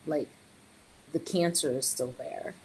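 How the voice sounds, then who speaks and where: A middle-aged woman and early childhood educator, chatting on a podcast in an animated way with joking asides. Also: low-pitched, slow pace, slightly rough, rough recording. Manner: animated, joking asides, quotes others in raised voice. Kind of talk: casual podcast conversation.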